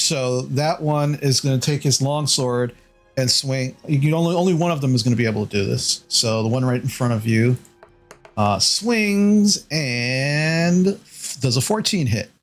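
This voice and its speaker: A man's voice: medium pitch, normal speed, faint music behind. A man narrating as game master in a casual tabletop game, describing the action loosely with many fillers.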